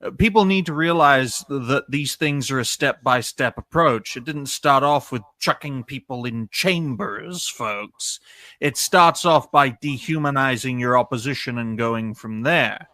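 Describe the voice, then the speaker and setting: A man's voice: medium pitch, a little slow, pushed and bright, dry recording. A man on a podcast panel, arguing his point in an emphatic, lecturing way with lots of repetition. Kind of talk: casual online debate chat.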